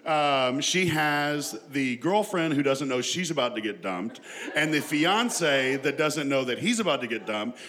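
A man's voice: fairly high pitch, expressive, moderate pace, a bit bright. A man telling a personal family story to an audience in a chatty, self-deprecating way, laughing often as he goes.

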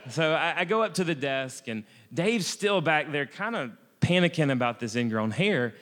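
American male storyteller, lively and self-mocking, somewhat high voice, long reverb. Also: normal speed. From United States. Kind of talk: comic personal travel anecdote.

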